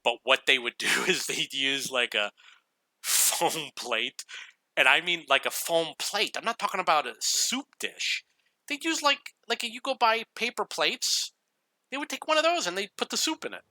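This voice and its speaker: Male gaming YouTuber, casual storyteller, chuckles and restarts; very bright tone, dry recording. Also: sits high, expressive, normal speed, no echo. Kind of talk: casual storytelling over gameplay.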